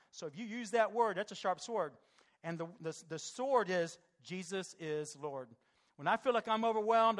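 High-voiced impassioned male preacher. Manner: impassioned, rising and falling in loudness. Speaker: pastor. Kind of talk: sermon.

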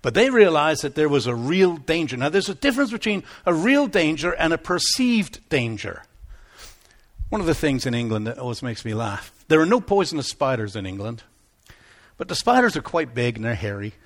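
Male pastor, middle-aged, slightly high voice, very animated delivery, tells stories and acts out the quotes. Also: normal speed. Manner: storytelling with acted-out quotes and humor. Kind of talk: sermon.

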